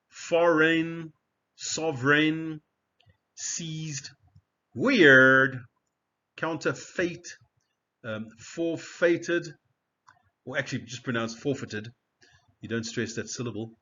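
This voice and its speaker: A man's voice: mid-range voice, fairly bright tone, lo-fi sound. A man teaching a recorded spelling lesson, carefully repeating and stressing each example word.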